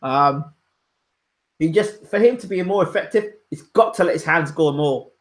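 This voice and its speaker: A man's voice: a little high, expressive, normal speed. A man hosting casual live boxing commentary, opinionated and emphatic, repeating his points. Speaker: boxing pundit and channel host. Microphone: home microphone, audio only.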